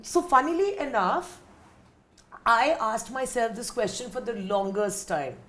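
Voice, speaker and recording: A woman, telling an animated work story in casual chat and acting out the people she quotes. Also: a little high, measured pace. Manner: animated, acts out quotes, laughs while telling. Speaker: guest director. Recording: faint background noise.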